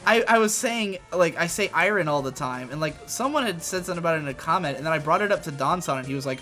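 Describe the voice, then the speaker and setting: High, bright-voiced man ranting. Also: racing, few pauses, faint music behind. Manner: rambling, animated ranting. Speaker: co-host of a gaming channel. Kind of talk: casual chat over gameplay.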